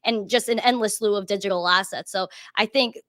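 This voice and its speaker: A woman's voice: mid-range voice, fairly quick, fairly bright tone, no room sound, studio quality. An American woman co-hosting a crypto live stream, upbeat and casual, saying "like" a lot. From United States. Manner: upbeat, heavy use of "like". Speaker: crypto news show co-host.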